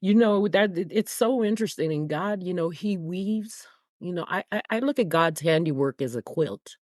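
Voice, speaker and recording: A woman's voice: fairly low pitch, expressive, normal speed, darkish tone, no echo, studio quality. A woman hosting a faith podcast, speaking in a reflective, encouraging way to her guest. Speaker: podcast host.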